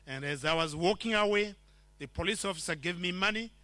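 A man from Zimbabwe preaches his testimony with earnest storytelling, acting out the dialogue. His voice sits high and rings bright. The sound is dry and close. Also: fairly quick, dry recording. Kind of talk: testimony sermon. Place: church.

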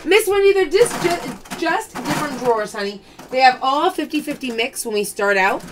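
A woman's voice: high-pitched, lively intonation, moderate pace. A woman hosting a live-streamed pearl sale, chatting casually, greeting viewers by name and reading out their comments. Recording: clear background noise.

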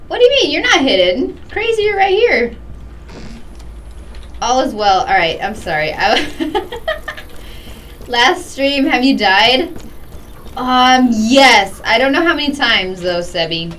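A woman's voice: sits high, sing-song, slow pace, pauses often, fairly bright tone, distant mic, slight background noise, low-quality recording. A young woman streaming a game, chatting casually and greeting her viewers by name with lots of giggles. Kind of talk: casual live-stream chat while gaming.

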